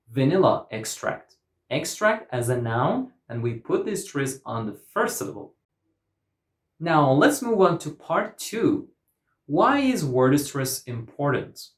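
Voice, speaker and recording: Slow, lively-pitched man teaching pronunciation. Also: roomy sound. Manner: repeats words slowly, stressing syllables. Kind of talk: slow, deliberate pronunciation lesson.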